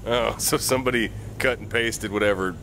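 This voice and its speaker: A man's voice: lowish voice, a little fast, noisy background. A man riffing comedically on a video game with crude jokes and dry punchlines. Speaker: game commentator. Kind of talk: comedic let's-play riffing.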